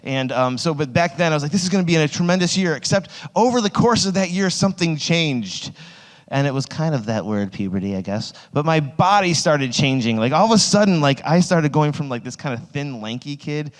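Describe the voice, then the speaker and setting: A youth pastor in his thirties, fairly high-pitched and animated, speaks at normal speed through two stage microphones. During a sermon in a large hall with an audience, he tells a rambling story that pokes fun at himself, filled with "like." Long hall reverb colors the recording.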